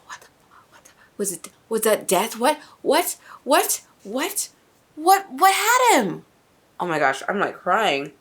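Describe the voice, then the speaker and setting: High-voiced woman, stunned exclamations. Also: huge pitch swings, takes it slowly, breathy edge. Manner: exclamatory, stunned questions, swears freely. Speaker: anime reaction host. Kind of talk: live reaction commentary.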